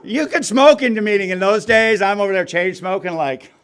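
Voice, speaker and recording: A man's voice: sits high, expressive, brisk, a bit bright, clear, resonant tone, a faint crowd. A middle-aged man telling his recovery story to a meeting group in a blunt, profane, wry way. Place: meeting room.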